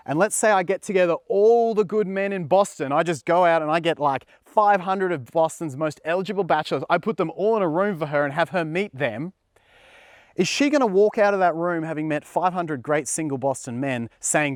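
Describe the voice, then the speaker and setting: A man's voice: on the high side, expressive, brisk, no echo, studio quality. A man working as a dating coach, talking straight to the viewer in an earnest, emphatic way and repeating words when he stresses a point. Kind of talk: direct-to-camera coaching talk.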